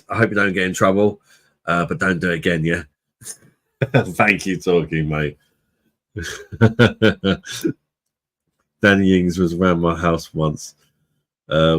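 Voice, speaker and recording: A man with a low voice and a British accent talks loosely to his live chat. He is relaxed and chatty, laughs a lot and drops casual swears. His delivery stays easygoing and unscripted. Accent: British English. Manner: laid-back, chatty, laughs often, swears freely. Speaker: livestream host, beer reviewer.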